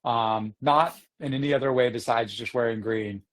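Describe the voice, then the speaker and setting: A man's voice: mid-range voice, moderate pace. A man from the Boston area, co-hosting a podcast in casual chat, easygoing and self-deprecating. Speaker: podcast co-host.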